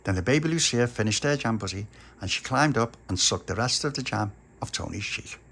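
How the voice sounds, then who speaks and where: A man's voice: lowish voice, animated, fairly quick, fairly bright tone, a little hiss or hum. A man narrating a homely children's story in a chatty way.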